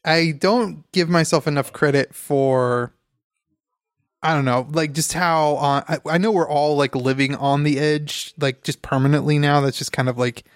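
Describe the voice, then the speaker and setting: A man's voice: a little high, steady tone, clean tone, no room sound. Rambling male podcast co-host, dry sound. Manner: rambling, halting, many fillers. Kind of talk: casual chat.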